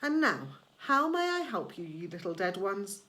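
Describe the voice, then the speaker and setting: A woman's voice: medium pitch, sing-song, measured pace, pushed and bright. Woman voicing a silky, cold ferryman of the dead. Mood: silky menace. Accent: British. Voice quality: silky, sweetly menacing. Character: smooth, cold, menacing male ferryman of the dead.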